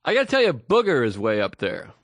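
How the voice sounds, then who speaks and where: A man co-hosting a podcast, reacting to a story with quick, dry remarks in a casual chat. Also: medium pitch, wildly swooping pitch, a bit bright, no room sound. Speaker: podcast co-host.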